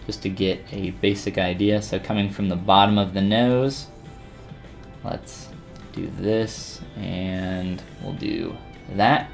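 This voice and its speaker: A man casually chatting with viewers while he demonstrates 3D sculpting in a live-stream tutorial, relaxed and rambling with frequent restarts. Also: sits low, slow pace, creaky, soft background music.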